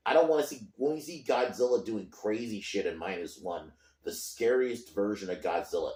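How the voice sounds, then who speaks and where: Deep-voiced man ranting in an echoey room. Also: normal speed, few pauses, a little mellow. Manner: frustrated, swearing, emphatic. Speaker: movie reviewer. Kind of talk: ranting movie review.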